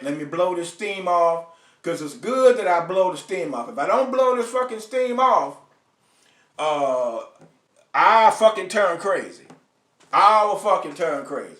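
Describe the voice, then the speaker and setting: Recorded far from the microphone in a roomy space, a man from the United States delivers a ranting livestream monologue. His voice is high and a little bright, and he curses freely while addressing viewers by name.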